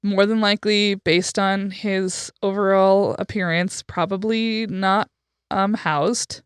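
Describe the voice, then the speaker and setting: A woman's voice: mid-range voice, fairly even intonation, takes it slowly, clear, resonant tone, no echo, clean studio sound. A woman co-hosting a podcast, telling stories in a frank, chatty way with plenty of fillers and the odd swear. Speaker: podcast co-host. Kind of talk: casual conversational storytelling.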